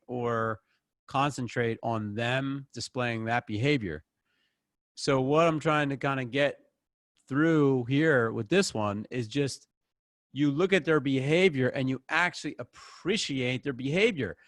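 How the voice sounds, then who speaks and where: A man's voice: mid-range voice, unhurried, no echo, studio quality. A man leading a group session over a video call, talking in a casual, rambling, encouraging way.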